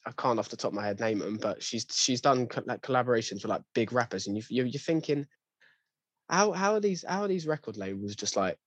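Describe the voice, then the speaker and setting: A young man complains in a loose, slangy chat, stumbling and restarting as he gets worked up. His voice sits low and sounds dry and close to the mic. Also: fast talker, hardly any pauses, no room sound. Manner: ranting, frequent restarts and slang. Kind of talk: casual chat.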